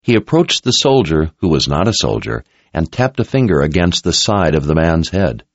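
A man reading fantasy fiction aloud in a measured, dramatic storytelling style. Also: extremely low pitch, big pitch swings, gravelly, dry recording. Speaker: audiobook narrator. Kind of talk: scripted fantasy narration. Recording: dull lo-fi recording.

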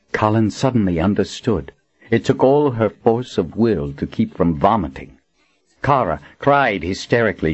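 Deep husky guy narrating a dark fantasy audiobook, lively dramatic reading, kinda muffled.

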